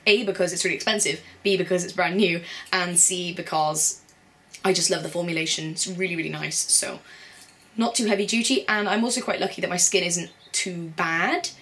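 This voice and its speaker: Young woman, beauty vlogger, bubbly and chatty, slightly low voice. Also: fairly even intonation, a little fast, a bit bright. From Britain. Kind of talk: casual chat.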